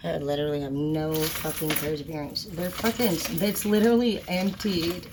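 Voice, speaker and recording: A woman with a low voice vents in a casual vlog rant. She is blunt, indignant and full of swearing. She sounds upset and fed up, and steady clicking noises run behind her. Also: moderate pace, background noise. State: upset and annoyed.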